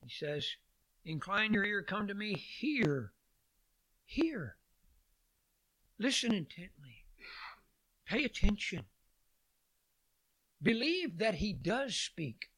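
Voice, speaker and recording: A man preaching a sermon, swinging from loud calls to hushed lines and repeating phrases for emphasis. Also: high-pitched, big pitch swings, slow, long pauses.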